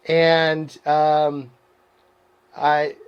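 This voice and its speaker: A man's voice: on the high side, completely flat delivery, extremely slow, clear, resonant tone, lo-fi sound. A man casually telling a long running story in a rambling, self-mocking way, often laughing at himself. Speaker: podcast guest.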